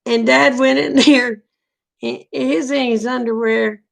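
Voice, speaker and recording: A middle-aged woman with a drawl tells a story in a casual, animated way, acting out every quoted line. Her voice sits a little high and has a gravelly fry. She sounds like she is chatting with a friend. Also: unhurried. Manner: folksy, animated storyteller who acts out quoted dialogue. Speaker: vlogger telling stories.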